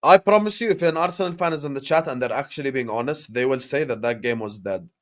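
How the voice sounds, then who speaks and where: Man with a Jordanian Arabic accent, a bit sick, casual watchalong host, bantering with chat, mid-pitched voice, dry close sound. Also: fast, no echo. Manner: bantering with viewers, reading out chat names; switches between English and Jordanian Arabic. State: a bit sick, on cough syrup.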